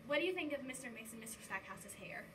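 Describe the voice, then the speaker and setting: A woman interviewer fires off quick, direct questions. Her voice is fairly high, and she is heard from far off the mic through heavy background noise. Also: lively intonation.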